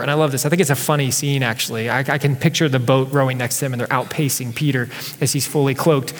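Male pastor, conversational sermon delivery, lifts his energy on scripture readings; long hall reverb. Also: on the high side. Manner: conversational, reads scripture aloud with rising energy.

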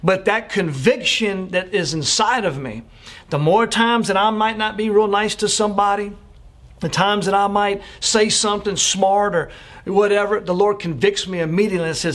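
A man's voice: high-pitched, normal speed. A man preaching a sermon as a pastor, earnestly urging his listeners with repeated phrases and frequent fillers.

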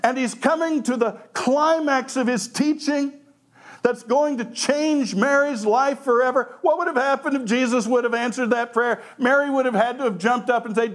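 High-voiced, unhurried male preacher. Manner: animated, laughs often, acts out quotes. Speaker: pastor. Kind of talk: sermon.

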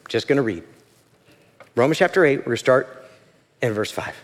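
A man's voice: mid-range voice, animated, fairly quick, long pauses. A man preaching a sermon as pastor, conversational and emphatic, voicing quotes to make his points. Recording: reverberant hall.

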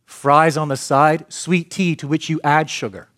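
A man preaching a sermon, telling a story and building to loud, emphatic peaks. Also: a little high, fairly even intonation, measured pace, no room sound, studio quality. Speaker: pastor.

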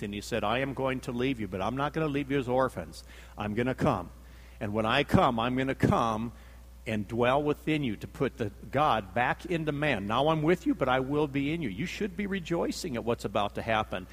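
Preacher man in a reverberant hall. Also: medium pitch. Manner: dramatic storytelling, acting out quotes, emphatic repetition. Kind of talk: sermon.

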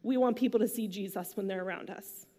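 A woman's voice: mid-range voice, a little fast, warm tone. A woman preaching a sermon in a casual, chatty way, using slang and asides. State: emotional, near tears. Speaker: pastor.

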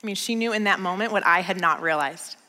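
Woman pastor, bright and slightly high, storytelling sermon with emphatic repeats, long hall reverb. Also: fast talker. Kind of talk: conversational sermon.

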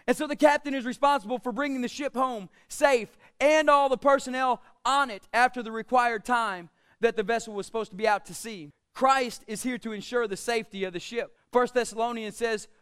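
Man, pastor, sermon, very high voice, smooth resonant tone, emphatic preaching. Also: a little fast, a bit bright. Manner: preaching with rising emphasis, quoting scripture, playful asides.

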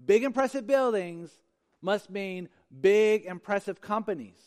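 A man preaching a sermon as pastor, with a notably high voice. He speaks with emphasis and circles back to repeat key phrases. His voice rings out with a long reverb, as in a large sanctuary. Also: unhurried, a little mellow.

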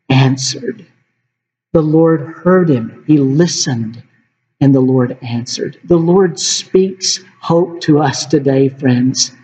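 Earnest pastor guy preaching, voice a bit high, long echo, dull muffled sound. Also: dark tone. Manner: earnest, repeatedly addresses listeners as friends. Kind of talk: sermon. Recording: dull reverberant hall recording.

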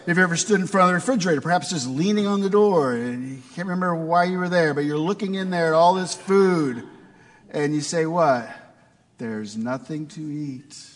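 A man's voice: high-pitched, a little fast, big-room sound. A man preaching a sermon in a conversational way, asking his listeners rhetorical questions. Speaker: pastor.

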